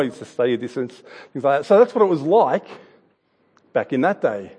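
A man in his thirties giving a sermon, telling a family story in a chatty, halting way with restarts and the odd laugh. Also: fairly high pitch, big pitch swings, darkish tone, husky, long reverb tail. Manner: laughs now and then while telling a story. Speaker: pastor.

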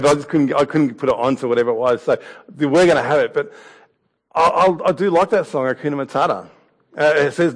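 A man preaching a sermon, telling a story and an anecdote in a conversational way with some laughs. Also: a little high.

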